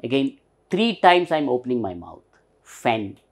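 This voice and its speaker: A man's voice: mid-range voice, very animated, brisk. A man teaching a pronunciation lesson, patiently spelling out and repeating words. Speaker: English teacher.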